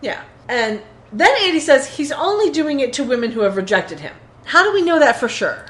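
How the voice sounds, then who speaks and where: A woman's voice: high-pitched, brisk. Chatty woman recapping a TV episode. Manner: animated retelling with quoted lines. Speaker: podcast co-host. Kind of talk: casual recap chat.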